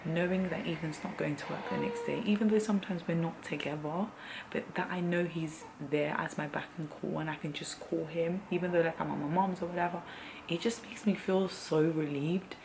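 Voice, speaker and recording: A young woman with a low, steady, brisk voice and vocal fry speaks candidly about life since her baby arrived. She rambles and turns teary and emotional in this personal vlog, recorded with background noise.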